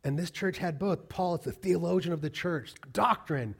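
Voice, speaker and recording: A man preaching a sermon, animated and full of rhetorical questions, swinging between loud emphatic lines and quiet, low asides. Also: moderate pace, vocal fry, slightly rough. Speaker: pastor.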